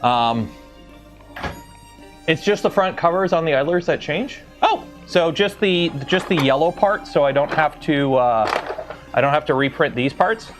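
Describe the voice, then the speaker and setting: A man's voice: fairly high pitch, lively intonation, measured pace, over music. A man streaming live from his workshop, chatting casually and thinking aloud as he builds a 3D printer. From Canada.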